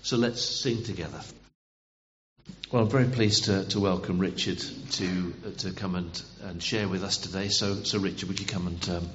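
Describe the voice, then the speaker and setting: A man's voice: sits low, steady tone, normal speed, a bit bright. A man leading a church service, introducing the guest speaker informally. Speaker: service leader. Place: church hall. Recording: dull recording in an echoing hall with faint hiss.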